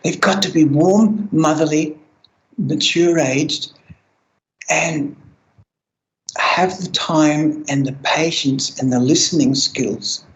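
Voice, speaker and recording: An older man, telling his own story in a halting, reflective way, with restarts. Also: a little high, dull audio. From Australia. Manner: halting, with frequent restarts and soft laughs. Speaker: interviewee sharing lived experience. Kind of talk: reflective personal account.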